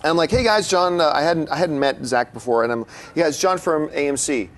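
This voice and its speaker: Male talk-show host, quick and chatty, voice sitting a bit higher than most men's, acts out the people in his stories, casual panel conversation. He keeps things moving briskly. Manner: animated, acts out dialogue in his anecdotes. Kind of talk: casual chat and storytelling.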